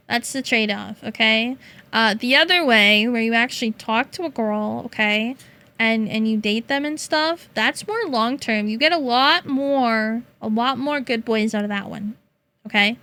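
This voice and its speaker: A young woman streamer with a high, bright voice talks to her viewers at an unhurried pace. She is playful and teasing, laughing often and slipping into high-pitched meows. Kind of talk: casual chat with chat.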